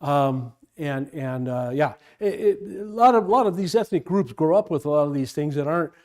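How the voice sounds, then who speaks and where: A man's voice: on the high side, animated, normal speed, darkish tone. An older man, a pastor leading an informal Bible study, talking in a rambling, digressive way full of restarts.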